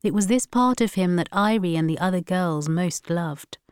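A woman reads a story aloud in a steady, measured way. Her voice is smooth and crisp, recorded close on a studio mic with a dry, dead sound. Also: lowish voice, dry recording. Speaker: narrator. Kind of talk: scripted narration.

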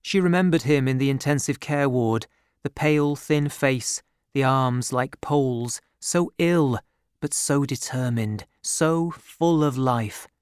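A man reading a novel aloud as an audiobook narrator, with a measured, even storytelling delivery into a close studio microphone. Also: mid-range voice, smooth, no echo.

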